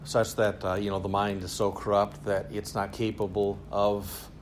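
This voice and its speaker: A man's voice: on the low side, moderate pace, slight background noise. Man giving a sarcastic, offhand lecture. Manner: casual, sarcastic, animated asides. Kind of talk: university lecture. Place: school lecture room.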